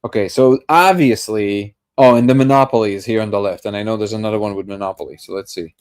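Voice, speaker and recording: A fast-talking man with a lowish, clear, resonant voice that's a touch mellow hosts a daily live discussion. He reacts to a video clip, thinking out loud, often restarting and tripping over his words in casual commentary.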